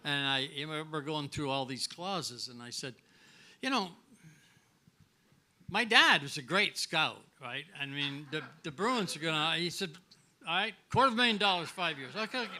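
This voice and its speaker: Older man, from canada, tense bright tone, somewhat high voice, rambling storyteller who acts out every line. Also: normal speed. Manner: rambling, animated, acts out dialogue. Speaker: guest, former hockey player. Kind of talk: casual anecdotal storytelling. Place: restaurant, live show.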